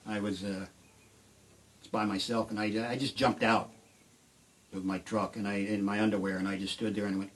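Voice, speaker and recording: A middle-aged man doing rambling, deadpan stand-up storytelling on a live stream from his shed, with sudden shouted outbursts. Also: on the low side, moderate pace, long pauses. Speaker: comedian and musician. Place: home shed.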